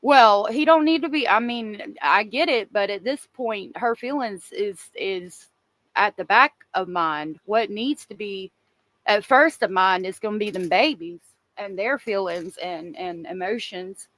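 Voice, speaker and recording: A woman's voice: medium pitch, measured pace, a bit bright, no room sound. A woman hosting a true crime livestream, talking casually and emotionally and answering viewers in the chat.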